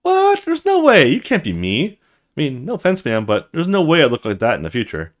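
A man voicing a vain young woman in a video game, speaking in a shrill, disbelieving way. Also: wildly swooping pitch, brisk.

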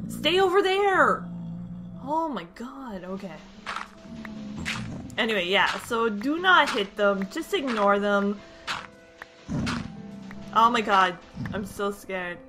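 A young woman giving live commentary on her gameplay, jumpy and exclaiming often as she talks to her viewers, over loud game music. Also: a little high. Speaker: gaming YouTuber.

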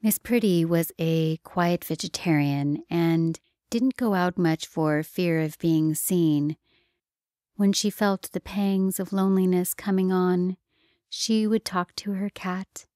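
Female audiobook narrator, calm storytelling read, dead-dry booth sound. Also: lowish voice, no room sound.

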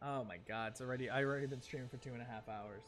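A game streamer chats his way through a live session, mocking himself and muttering the same lines over and over. His mid-range voice is steady and fairly bright, delivered rapid-fire over a little hiss or hum.

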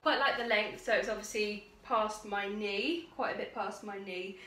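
A woman's voice: medium pitch, moderate pace, fairly bright tone. A young woman chatting casually and enthusiastically in a home vlog, rambling a little as she shows her finds. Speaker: vlogger. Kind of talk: casual chat. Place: upstairs room at home.

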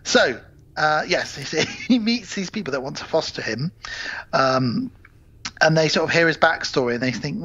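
A man's voice: on the high side, lively intonation, moderate pace, sharp tone, dry recording. A man co-hosting a podcast, casually recapping a film with laughs and quoted voices. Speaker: podcast co-host. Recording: dull lo-fi podcast audio.

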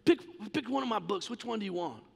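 Elderly dad, stammering and insistent , put on by a man, raised and rough-edged. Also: high-pitched, animated, quick pace, darkish tone, pitched above the performer's own voice, heavily acted. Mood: eager. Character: elderly father, emotional and eager to give. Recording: long church reverb.

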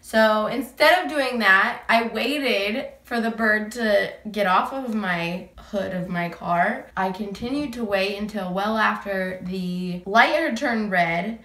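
A woman's voice: medium pitch, slow, few pauses, pushed and bright, echoey room. A young woman vlogger telling a story in casual chat, rambling with lots of "like" and breaking into giggles.

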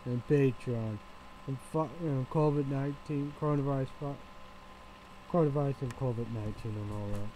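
A man's voice: mid-range voice, brisk, background noise. A man talking in a loose, rambling vlog, circling back on himself and swearing freely. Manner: rambling, repetitive, with frequent swearing. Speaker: vlogger.

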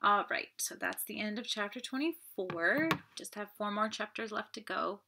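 A woman reading a novel aloud and then recapping the chapter in relaxed talk with fillers. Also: mid-range voice, moderate pace, vocal fry, slight background noise. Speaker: audiobook reader. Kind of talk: audiobook narration and chapter recap.

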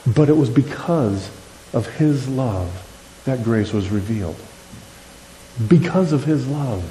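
Animated preaching man in a roomy church. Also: medium pitch, takes it slowly, a little hiss or hum. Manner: impassioned preaching, asks the congregation questions. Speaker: pastor. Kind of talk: sermon. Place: church sanctuary.

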